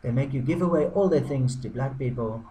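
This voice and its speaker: A man who blogs, delivering a mock apology in deadpan irony, halting with frequent ums and restarts. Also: medium pitch, rough recording. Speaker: blogger. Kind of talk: sarcastic mock apology to camera.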